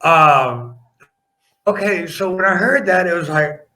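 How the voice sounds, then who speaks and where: A middle-aged former wrestler tells his stories in an interview, animated and rambling, often breaking off to restart a sentence. His voice sits a little high for a man and has a bright, forceful edge. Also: slow, a little hiss or hum, low-quality recording. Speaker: podcast guest, former pro wrestler. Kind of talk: storytelling in a casual interview.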